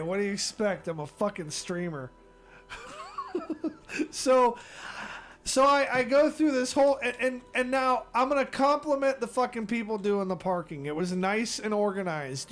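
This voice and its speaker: High-voiced man ranting a profane story. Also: unhurried, pauses often, faint music behind. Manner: profane, animated, exasperated storyteller. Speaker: streamer.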